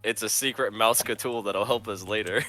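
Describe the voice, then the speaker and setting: A man's voice: on the low side, normal speed, pushed and bright, soft background music. A man playing a tabletop game, laid-back and swearing casually. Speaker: player.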